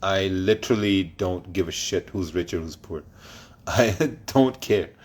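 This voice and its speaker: A man with a somewhat low-pitched voice hosts a trading livestream, working through his chat in casual Q&A. He answers bluntly, swears freely, and laughs between replies. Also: a little slow, breathy edge.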